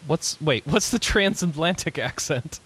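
A man's voice: on the high side, measured pace, breathy edge. A man co-hosting a gaming podcast, joking and reading the news in a mock-announcer manner. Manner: lively, jokey, mock-announcer delivery. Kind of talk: casual banter.

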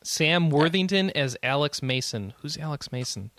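Animated, excitable male podcast host. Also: moderate pace, no room sound. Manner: excitable, laughs often, jumps pitch when indignant. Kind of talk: casual chat.

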